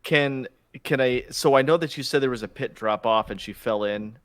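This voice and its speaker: A man's voice: mid-range voice, normal speed, clean tone. A man playing in a tabletop role-playing game, asking hesitant, puzzled questions. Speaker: player. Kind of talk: casual tabletop play.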